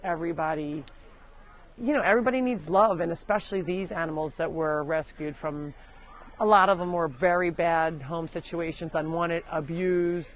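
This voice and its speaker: A woman hosting a live show from her animal sanctuary, chatting casually outdoors and loudly scolding the animals. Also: fairly low pitch. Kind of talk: casual live-stream chat. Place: outdoors on a farm among animals.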